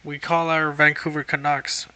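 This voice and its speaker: A man's voice: on the high side, fairly even intonation, moderate pace, creaky, bright, forceful tone. A young man chatting casually on a livestream, rambling and swearing constantly.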